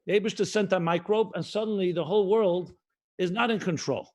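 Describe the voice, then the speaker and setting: A rabbi with a high voice preaches in a steady, emphatic cadence. He is middle-aged, from the United States, and mixes Hebrew and Yiddish terms into his English. He drags out key phrases and repeats them for weight. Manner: slows and stretches key phrases. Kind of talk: livestreamed sermon.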